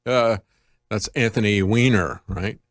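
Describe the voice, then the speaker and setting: A man's voice: lowish voice, unhurried, no room sound, clean studio sound. A man hosting an opinionated news commentary show, sarcastic and emphatic, playing with words. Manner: sarcastic, emphatic, wordplay-heavy. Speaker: host.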